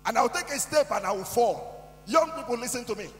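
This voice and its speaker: A middle-aged Nigerian man giving a motivational testimony at a youth conference, in a preachy way that builds to shouting. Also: very high voice, animated, a little fast. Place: large hall. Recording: echoey hall with soft music.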